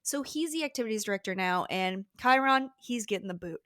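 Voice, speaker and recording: A woman's voice: medium pitch, lively intonation, brisk, fairly bright tone, no echo, studio quality. A woman co-hosting a podcast, chatting casually about a book and playing out the characters' lines. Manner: conversational, plays out characters' lines. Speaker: podcast co-host. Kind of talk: casual book discussion chat.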